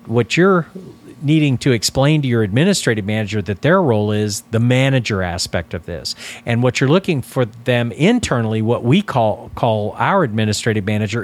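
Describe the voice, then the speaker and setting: A man coaching financial advisors in a deliberate, instructional talk, stressing key words as he explains. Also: medium pitch.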